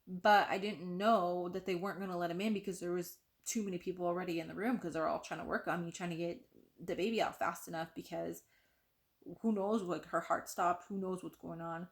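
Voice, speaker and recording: A young woman vlogger telling a personal story to the camera in an animated way, full of "like" and acted-out quotes of what others said. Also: lowish voice, moderate pace. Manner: animated, acts out quoted voices, frequent "like".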